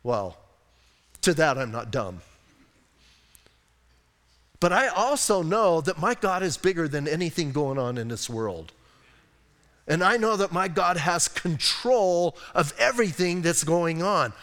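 A man's voice: sits high, lively intonation, unhurried. Joking male pastor in an echoing church. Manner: humorous and conversational, swinging between soft and emphatic. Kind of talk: sermon.

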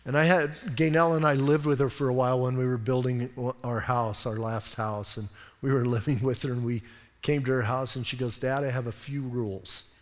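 An older man preaching a sermon as a pastor, telling folksy stories with animated asides. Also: mid-range voice, brisk, long reverb tail. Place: church sanctuary.

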